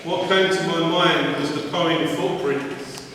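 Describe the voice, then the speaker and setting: A man tells his story earnestly at a church mission, quoting others as he goes. His fairly high voice rings through a large church with a long echo. He sounds far from the mic, with a faint hum of the room behind him. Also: fairly even intonation, slow, fairly bright tone. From England. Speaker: speaker at a parish mission. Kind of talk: testimony talk in church. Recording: echoey church heard from far off.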